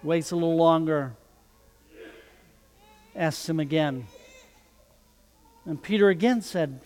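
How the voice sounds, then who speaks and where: A man with a high voice delivers a sermon at an unhurried pace. He acts out the quoted dialogue and builds in intensity. His voice carries a long reverb, as in a large hall. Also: darkish tone. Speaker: preacher.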